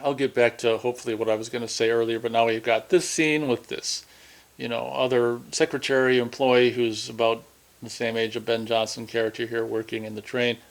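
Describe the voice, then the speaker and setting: A man's voice: mid-range voice, flat delivery, brisk. Rambling man chatting. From Minnesota. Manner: rambling, chatty, self-interrupting. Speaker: film commentator. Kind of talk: casual movie commentary.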